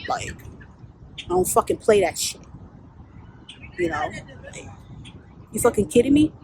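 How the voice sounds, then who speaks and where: A woman's voice: high-pitched, expressive, a little slow, gravelly, long pauses, darkish tone, slight background noise, poor audio. A woman, a life coach telling a candid, profanity-laced story in a storytime vlog.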